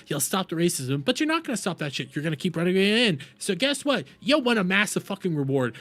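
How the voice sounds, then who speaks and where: A man from the United States, a live streamer, ranting furiously, swearing often, shouting and repeating himself. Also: high voice, sing-song, quick pace, hardly any pauses, faint music behind. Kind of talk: angry live-stream rant.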